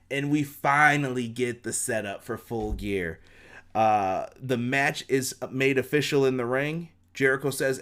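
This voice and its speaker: A man's voice: mid-range voice, moderate pace, fairly bright tone. A young man recapping a wrestling show in a casual, slangy way, putting on voices for the quotes and reading out viewer comments.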